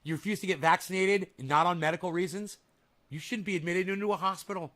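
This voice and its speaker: High-voiced ranting male streamer. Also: fairly even intonation, quick pace, fairly bright tone. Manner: angry, mocking, swears heavily, talks to chat. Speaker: streamer reacting to clips. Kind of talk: profane live-stream rant.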